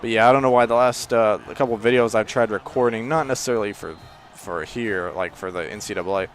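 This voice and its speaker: A man casually commenting on his own football video game play, rambling between plays and exclaiming loudly when something happens. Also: lowish voice, fast. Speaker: gaming channel host.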